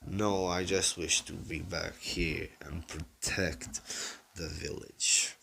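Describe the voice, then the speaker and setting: A man voicing a cold, vengeful young male ninja, speaking slowly in a low, menacing way. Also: little pitch movement, gravelly, sharp tone, a little hiss or hum, heavily acted. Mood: grim warning.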